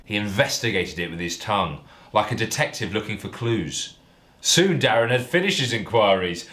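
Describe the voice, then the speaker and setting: A male comedian reading out a parody story in a deadpan, mock-earnest way. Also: fairly low pitch, normal speed.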